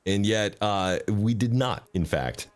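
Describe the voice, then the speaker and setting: A man streaming a video game, joking, swearing and talking to his chat with sudden jumps in pitch. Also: takes it slowly. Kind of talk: casual gaming commentary. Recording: faint background game music.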